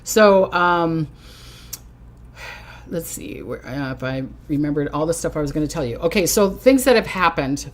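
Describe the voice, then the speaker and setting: A woman's voice: sits low, animated, moderate pace. Bubbly, hyper older woman. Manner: chatty, bubbly, giggly. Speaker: psychic host. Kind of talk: casual livestream chat. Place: home, in a recliner.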